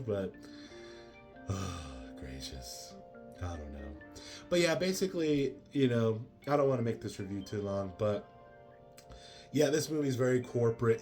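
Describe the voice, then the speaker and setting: A man's voice: mid-range voice, dark tone. A man giving a casual spoken movie review, rambling with many fillers and exasperated asides.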